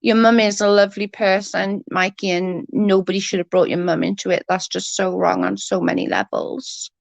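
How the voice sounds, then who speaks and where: A woman talks casually on a livestream, answering viewers and venting bluntly, with some swearing. Her voice is husky and hoarse from a cold, with a gravelly, creaky edge. She is recorded close up in a dry, dead-sounding space. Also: medium pitch, level tone, normal speed, no echo. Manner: blunt, swears freely, vents about double standards. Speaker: livestream host. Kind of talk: casual live chat reading comments.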